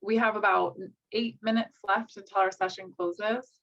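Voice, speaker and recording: A woman moderating a session, wrapping up in a brisk, organized way over a video call. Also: medium pitch, steady tone, gravelly, a bit bright, lo-fi sound. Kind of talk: session wrap-up.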